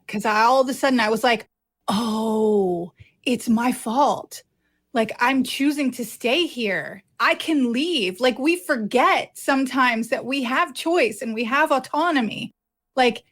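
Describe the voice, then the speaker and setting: A woman co-hosting a podcast in casual chat, telling a story bluntly with free swearing and laughter. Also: fairly high pitch. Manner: blunt and expressive, swears freely, laughs while telling stories. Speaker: podcast co-host.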